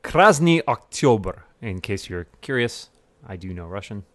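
A man's voice: low voice, moderate pace, fairly bright tone, dry recording. A man hosting a casual movie commentary podcast, wry and joking, on a close mic. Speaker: podcast host.

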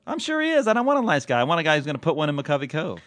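Lively joking male podcast host. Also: on the high side, racing, no room sound. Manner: joking, laughs often. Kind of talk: casual chat.

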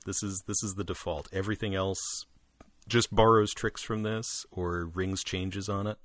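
Chatting loosely and energetically about musicals, this male podcast co-host darts up in pitch whenever he makes an aside. The recording is dry.

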